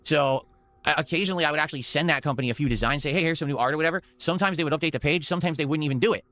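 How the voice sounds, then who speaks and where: A man's voice: on the high side, fairly bright tone, no room sound. A man streamer ranting heatedly with a lot of swearing. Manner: fast, heated, swearing rant.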